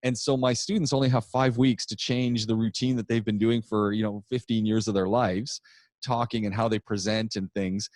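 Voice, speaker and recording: A man co-hosting a podcast, telling a rambling, animated story about his public speaking class in a casual chat. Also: fairly low pitch, normal speed, no echo, studio quality.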